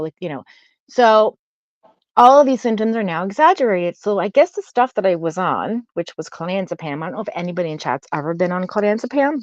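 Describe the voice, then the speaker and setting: A woman in her late forties tells stories in a lively, sing-song voice, laughing often as she chats with a friend. The sound is dull and lo-fi with a dry, close feel, and her pitch swings widely as she talks. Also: no echo. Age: 40s. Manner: animated storyteller, laughs often. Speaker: streamer chatting with a friend. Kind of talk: casual chat.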